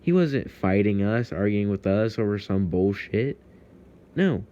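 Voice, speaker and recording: A man's voice: on the low side, lively intonation, unhurried, warm tone, highs cut off. A young man from Texas with a Texan accent, ranting heatedly to camera in a profane, confrontational vlog monologue.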